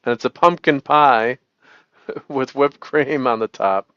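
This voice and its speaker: A man's voice: mid-range voice, slow, fairly bright tone, smooth, dry recording. Chuckling middle-aged man, dry dull sound. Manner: chuckling, rambling, lots of laughter. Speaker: host. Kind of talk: casual live-stream chat.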